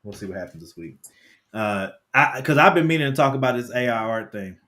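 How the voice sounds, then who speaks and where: A man co-hosting a live talk stream, relaxed and easygoing, often trailing off quietly and laughing. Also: mid-range voice, brisk. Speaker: podcast co-host. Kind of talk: casual chat.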